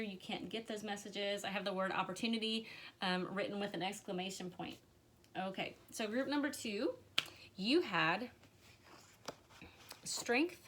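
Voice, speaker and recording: A woman's voice: mid-range voice, a bit bright. A woman reading tarot cards on a live stream, chatty and emotional, with many fillers. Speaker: tarot reader.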